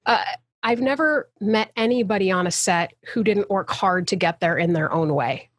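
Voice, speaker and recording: A woman's voice: mid-range voice, moderate pace, dry recording, studio quality. A woman, a guest actor, talking passionately and emphatically in a casual interview over a video call. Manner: passionate, emphatic, soapbox ranting.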